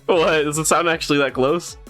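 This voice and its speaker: Dude streaming a game, cracking up at his own bits, quiet music behind. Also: on the high side, fairly even intonation, brisk. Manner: laughing, self-mocking asides. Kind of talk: casual gaming commentary, reading dialogue aloud.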